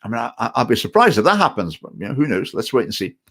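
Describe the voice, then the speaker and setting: A man's voice: medium pitch, sing-song, quick pace, a bit bright, husky. A man with a Stoke-on-Trent English accent, chairing a party and answering viewer comments in a casual live stream, hesitant and often repeating words. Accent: Stoke-on-Trent English with some Scottish phrases. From England. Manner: hesitant, repeats words, digressive opinionated talk.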